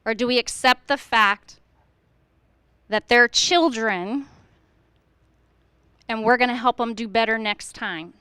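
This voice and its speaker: With a high, bright voice that's clear and resonant, a middle-aged school administrator presents to educators at a staff meeting, speaking slowly with long pauses and earnest conviction. She strings together rhetorical questions and voices what teachers might tell students. The recording is close and dry, without room sound.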